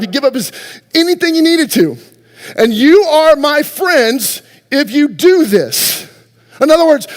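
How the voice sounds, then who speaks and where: A man's voice: very high voice, in a large hall. A man preaching a sermon as pastor, talking conversationally and firing rhetorical questions at the congregation. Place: church sanctuary.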